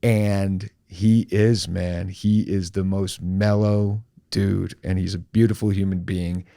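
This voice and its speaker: A middle-aged man hosting a podcast, telling a personal story candidly and with animation, sometimes slowing down and sometimes rushing. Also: deep voice, gravelly, no echo, clean studio sound. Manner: animated, candid, swings between slow and rushed. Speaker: podcast host.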